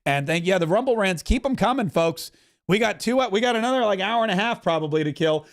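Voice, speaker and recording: Fast-talking and expressive, this male live-stream host has a voice that sits high. Acting as a podcast host commenting on a broadcast, he chats in a casual, wry way and gives thanks for viewer donations.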